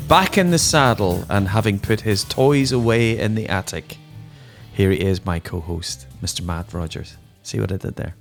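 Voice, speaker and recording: A man co-hosting a rock podcast, joking and laughing loudly in casual chat. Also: on the low side, moderate pace, gravelly, soft background music. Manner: jokey, animated, laughs loudly. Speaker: podcast co-host.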